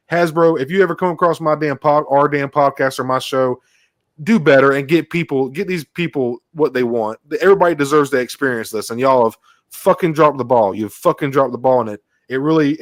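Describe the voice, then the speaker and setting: A man co-hosting a podcast, chatting casually in a rambling, excitable way and swearing freely. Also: mid-range voice, no echo, clean studio sound. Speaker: podcast co-host.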